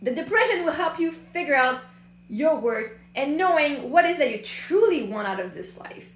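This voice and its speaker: Middle-aged woman coach, high and bright voice, blunt and animated, recorded in an echoey room. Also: normal speed. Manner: blunt, swears freely, animated storytelling. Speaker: host, emotional healing coach. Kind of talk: casual motivational talk.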